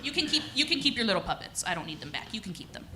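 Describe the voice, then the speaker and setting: A woman leading children's story time in a church service, gentle, encouraging and animated as she guides the kids. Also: medium pitch, racing, slight background noise, poor audio. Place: church sanctuary.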